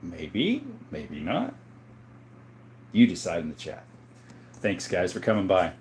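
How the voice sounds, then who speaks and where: A man in his thirties from the US, chatting casually on a livestream, reading viewer comments and answering in a folksy, relaxed way. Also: sits low, takes it slowly, a little hiss or hum. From USA. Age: 30s. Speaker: gun collector livestreaming.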